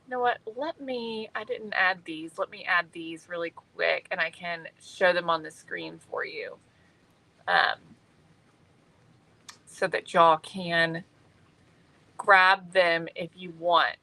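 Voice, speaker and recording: A woman's voice: lowish voice, slow, vocal fry, pauses often, pushed and bright, low-quality recording. A middle-aged woman hosting a live craft-shop stream, chatting and answering viewer comments. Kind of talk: live-stream product showcase.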